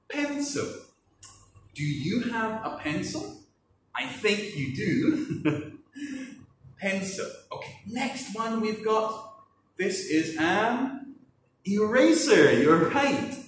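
A man teaching children English words, slowly enunciating and spelling letters out in a playful way, laughing and adding sound effects. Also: sits high, sing-song, slight background noise. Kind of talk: children's vocabulary and spelling lesson. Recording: echoey room, distant mic.

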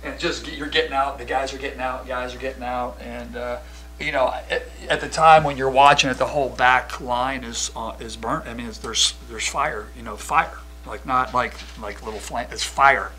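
Head coach, male, postgame presser; bright, animated storyteller, hums faintly behind. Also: medium pitch, a little hiss or hum. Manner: animated storyteller, acts out quotes loudly; many fillers and restarts. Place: press conference room.

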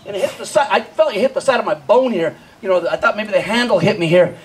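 A man doing live stand-up storytelling, animated, laughing often and acting out scenes while quizzing the crowd. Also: high-pitched, quick pace, slight background noise, low-quality recording. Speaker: stand-up comedian.

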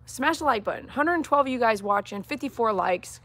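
Chatty, coaxing woman groomer, high voice. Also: expressive, a little fast, a bit bright. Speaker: dog groomer. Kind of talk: live-streamed grooming demonstration. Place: outdoors.

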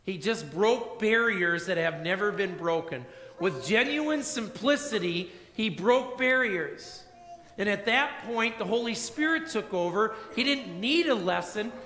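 Bright high-voiced pastor in echoey church. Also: male voice. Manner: storytelling, acts out dialogue in quieter lower voice. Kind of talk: sermon. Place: church sanctuary. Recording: echoey church hall reverb.

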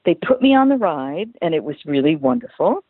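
An older woman, a singer and voice actress, telling stories as an interview guest over the phone in a chatty, lively way. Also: low voice, brisk, husky, no room sound. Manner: chatty, storytelling, animated quotes. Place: home in California. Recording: dry tinny phone line.

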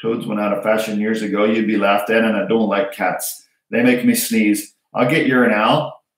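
A man's voice: on the low side, fairly even intonation, moderate pace, lightly acted. A man voicing a big, kindly, folksy giant groundskeeper. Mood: bluff. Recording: roomy echo.

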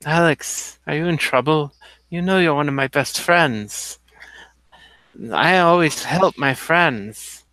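A man's voice: on the high side, slow, bright, forceful tone, no echo. A man voicing a flirtatious Russian nightclub hostess with a put-on Russian accent, teasing and coaxing. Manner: teasing, coaxing, calls everyone darling.

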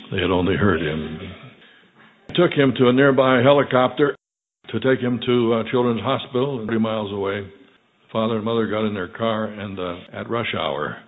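An older male preacher tells a story in a low, measured voice that drops to near quiet. He clears his throat often. The audio is thin and phone-like. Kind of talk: sermon storytelling.

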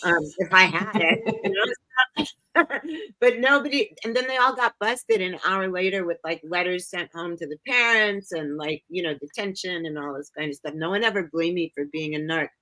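A woman from upstate New York telling personal stories as a guest in a casual chat, animated and acting out the voices she quotes. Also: on the low side, moderate pace, rough recording. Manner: animated, acts out quoted voices, laughs often.

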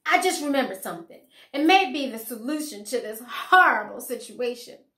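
A boastful storybook fox with grand, wordy speech, as a woman reader puts him on. He swings between puffed-up pride and pleading. His voice is bright and sharp, and it rings in an echoey room. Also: fairly high pitch, expressive, moderate pace. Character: boastful pompous male fox.

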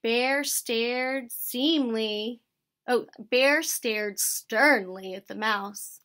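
Slow gentle American woman reading a picture book. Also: fairly high pitch. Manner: gentle, explains words to children. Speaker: teacher reading aloud. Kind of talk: children's picture book read-aloud. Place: school.

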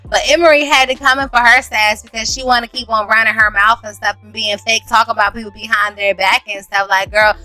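A woman narrating her life-sim game in lively, slangy casual commentary, often breaking into laughs. Her voice is bright and fairly high, with faint music underneath. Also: a little fast, hardly any pauses. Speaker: let's play host.

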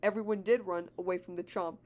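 A woman's voice: lowish voice, fairly even intonation, fast, darkish tone. A teenage girl reads her own fan story aloud in a casual, giggly way. She keeps stopping to comment on her own writing and delivery. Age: teens.

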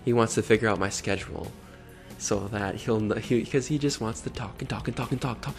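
A man's voice: fairly low pitch, a little fast, faint music behind. A man vlogging in casual commentary, sarcastic, mocking and exasperated.

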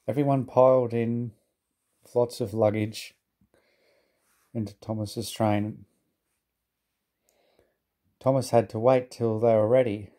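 A man reading a children's storybook aloud in a steady, plain narrating manner. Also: mid-range voice, takes it slowly, pauses often.

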